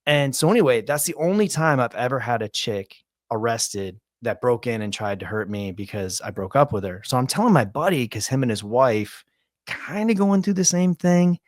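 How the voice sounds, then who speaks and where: A man in his forties hosting a podcast, telling a long story in a rambling, animated, casual way. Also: medium pitch, normal speed, no echo, clean studio sound. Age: 40s. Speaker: podcast host.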